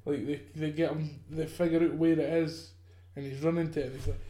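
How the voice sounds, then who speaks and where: A man's voice: on the high side, flat delivery, brisk, dark tone, reverberant. A young man chatting casually about a film, laid-back and sweary, often giving short agreeing replies. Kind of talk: casual chat.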